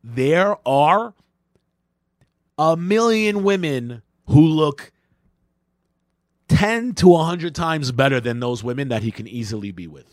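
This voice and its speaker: Lively, profane male comedy podcaster. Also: fairly high pitch, slow pace, pauses often, no room sound, clean studio sound. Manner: profane storyteller, puts on shouty tough-guy voices in anecdotes. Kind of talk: crude casual comedy banter.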